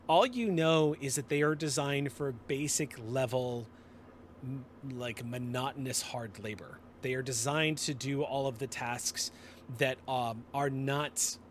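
Man, game master voice, mid-pitched, narrating a sci-fi horror tabletop game. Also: a bit bright, slight background noise.

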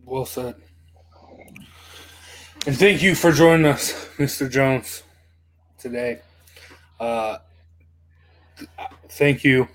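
A man's voice: medium pitch, slow pace, pauses often, fairly bright tone. A man hosting a casual podcast, asking questions in a friendly way with many fillers. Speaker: podcast host.

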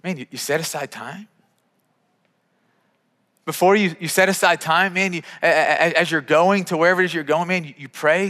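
A man's voice: fairly high pitch, normal speed, long pauses, pushed and bright, in a large hall. A male pastor preaching a sermon in a conversational way, often repeating words as he starts sentences.

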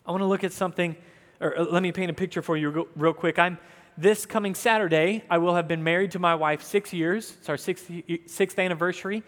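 A man's voice: sits high, fairly even intonation, a little fast, a bit bright. A man in his thirties from the American South, preaching a sermon in an earnest, conversational way with asides to the congregation. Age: 30s. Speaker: pastor. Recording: long hall reverb.

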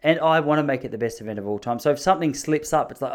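A man's voice: fairly high pitch, very fast. A man in his thirties telling rambling, joking stories in a casual monologue, often mocking himself.

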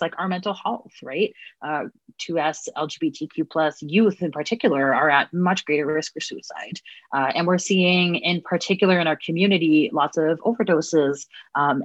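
An earnest woman answers interview questions, pausing often with ums. Her voice is husky and sits on the low side. The recording is slightly dull, with soft music underneath. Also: dry recording. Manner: earnest, many ums and uhs. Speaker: interview guest, Two-Spirit community worker. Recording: dull, lo-fi sound with faint music.

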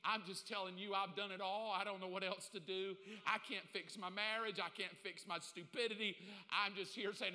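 A man preaching a sermon, swinging from hushed pleading to loud excited preaching, folksy and joking as he acts out little dialogues. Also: high voice, normal speed, few pauses, in a large hall. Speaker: pastor.

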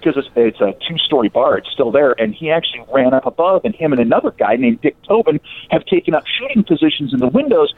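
A man casually telling a local history story, acting out the people in it with lively quoted voices. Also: on the high side. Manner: animated, acts out quoted voices. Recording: tinny phone-like sound.

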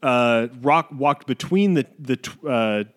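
A young man co-hosting a relaxed movie podcast. He rambles, trails off and restarts his sentences, filling the gaps with "uh" and "like." His voice sits in an ordinary middle register. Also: mid-range voice, takes it slowly. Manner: rambling, full of fillers and restarts. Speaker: podcast co-host. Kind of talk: casual film-podcast chat.

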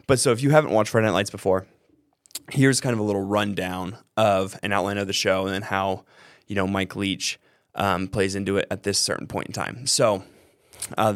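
A man's voice: on the low side, no echo, clean studio sound. A young man hosting a podcast, telling a long story in a casual, rambling way full of fillers and restarts. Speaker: podcast host.

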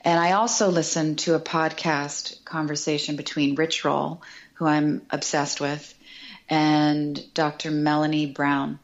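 A middle-aged woman talking as a podcast guest, chatty and animated, often acting out quoted remarks. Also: sits low, unhurried, muffled recording. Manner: animated and chatty, quotes herself and others in lively voices. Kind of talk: casual podcast conversation.

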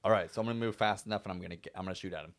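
A man playing a tabletop game, calling out his moves and rolls in a low, mumbled way. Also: racing, dry recording, studio quality. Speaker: player. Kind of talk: casual tabletop play.

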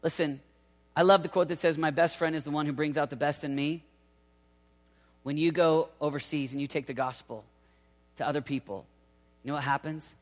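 A man's voice: fairly high pitch, steady tone, normal speed, pauses often. A man preaching with energy, acting out the voices of people he quotes. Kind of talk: sermon. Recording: reverberant hall.

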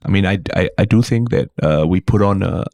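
A man's voice: low-pitched, brisk, vocal fry, no room sound. A man in his thirties with a Singaporean English accent, a guest comedian telling stories in a casual podcast chat. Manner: animated storyteller, slips into put-on voices.

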